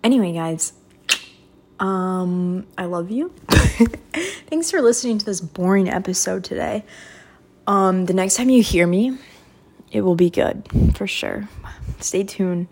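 A woman's voice: mid-range voice, animated, unhurried, pauses often, a little mellow. Chatty young woman podcasting. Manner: chatty, rambling, apologetic, full of "like" and "um". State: out of breath after stairs. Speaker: podcast host. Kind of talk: casual solo podcast chat.

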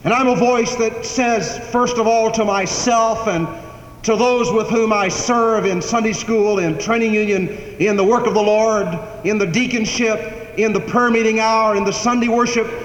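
A man's voice: high voice, fairly even intonation, normal speed. A man preaching a sermon, building emphatic repeated phrases in a preacher's cadence. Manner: preacherly, repetitive cadence, rising to emphatic declarations. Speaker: pastor. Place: church sanctuary. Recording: echoey hall, faint background hiss.

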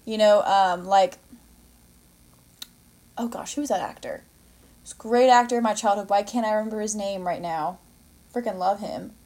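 A young woman talks through a movie on her solo podcast in a loose, rambling way. She fills her speech with "like" and "you know," corrects herself mid-sentence, and briefly slips into the voices of the people she quotes. Her pitch sits in the ordinary middle range. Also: moderate pace, long pauses, a little mellow. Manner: chatty and rambling, frequent fillers and self-corrections, acts out quotes. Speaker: podcast host. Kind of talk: casual solo podcast chat about a movie.

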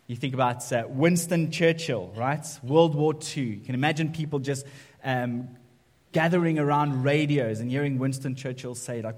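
A man's voice: mid-range voice, moderate pace, darkish tone. Man preaching in an echoey church. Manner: conversational, keeps asking "right?". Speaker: pastor. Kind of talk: sermon. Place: church sanctuary. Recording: echoey church hall reverb.

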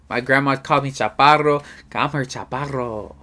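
A man's voice: mid-range voice, normal speed, few pauses, sharp tone. A man hosts a solo podcast episode and talks straight at his listeners. He rants bluntly in a rambling, profane way, loose and unscripted. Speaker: podcast host. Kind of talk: casual solo podcast rant.

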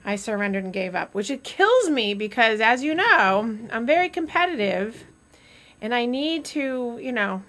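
A woman's voice: fairly high pitch, big pitch swings, normal speed, fairly bright tone. A woman hosting a casual live stream, chatty and rambling, often laughing.

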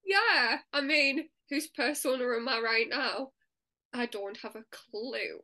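Chatty woman co-host, high and bright, loose and giggly. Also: slow pace. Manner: chatty, laughs often, many "like" fillers, acts out inner voices. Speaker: podcast co-host. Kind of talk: casual chat.

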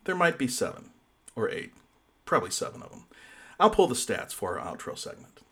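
A man co-hosts a casual podcast, joking and teasing as he talks. His pitch sits mid-range for a man and swings around a lot. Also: big pitch swings, a little fast, pushed and bright, breathy edge. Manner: playful, joking. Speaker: podcast co-host. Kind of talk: casual chat.

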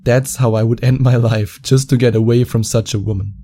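A man's voice: medium pitch, fairly even intonation, a little fast, dark tone, a little hiss or hum. A man working as a dating coach, telling a story to camera in a mocking, profane way and stretching out words for emphasis.

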